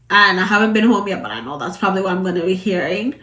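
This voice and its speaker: A woman's voice: mid-range voice, animated, fast talker, hardly any pauses, sharp tone. A Jamaican woman talking casually to camera as a vlogger, chatty and rambling, circling back over her points. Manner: chatty, rambling, repeats herself. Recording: roomy echo.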